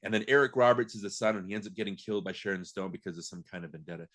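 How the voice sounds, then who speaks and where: Man, podcast host, casual chat, animated, laughs often. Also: fairly low pitch, very fast. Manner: animated, laughs often, acts out movie lines.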